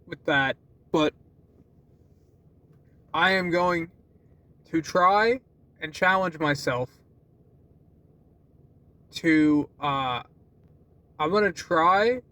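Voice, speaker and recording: A young man talks to his camera in a loose, rambling way, with a lot of laughter and swearing. His voice sits high for a man. His sentences often stall and restart. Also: a bit bright. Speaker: vlogger. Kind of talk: casual rambling vlog.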